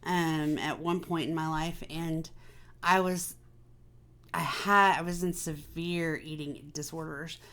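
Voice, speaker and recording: A woman's voice: low-pitched, fairly even intonation, slow, fairly bright tone. A woman hosting a casual personal chat, talking candidly and confidingly with many fillers. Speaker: vlog host.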